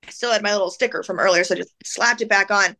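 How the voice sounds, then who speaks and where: A woman speaking as an interview guest, telling an emotional personal story in casual, animated speech full of "like"s and acted-out voices. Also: medium pitch, fast talker. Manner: animated, acts out the voices of people in her story; casual, filler-heavy speech with many "like"s.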